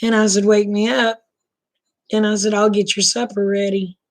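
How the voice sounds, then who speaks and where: Casting: middle-aged woman, Oklahoma accent, relaxed folksy stream host, flat delivery, slightly rough throat. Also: mid-range voice, moderate pace. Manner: relaxed, folksy, talks to viewers by name. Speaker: livestream host chatting with viewers. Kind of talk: casual late-night chat.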